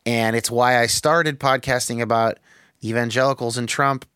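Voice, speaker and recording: A man's voice: mid-range voice, fairly even intonation, normal speed, fairly bright tone, smooth, dry recording, clean studio sound. Frank, reflective male podcast host. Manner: reflective, frank, swears freely, thinks aloud with restarts. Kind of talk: candid podcast conversation.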